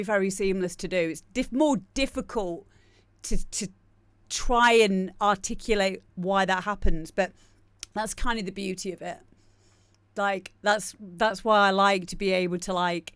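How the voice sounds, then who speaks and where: A woman's voice: mid-range voice, fairly bright tone, clear, resonant tone, no echo. A young adult woman, a streamer and music producer, rambling casually to her viewers and often restarting her sentences. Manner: rambling, self-deprecating, frequent restarts. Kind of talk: casual live-stream chat.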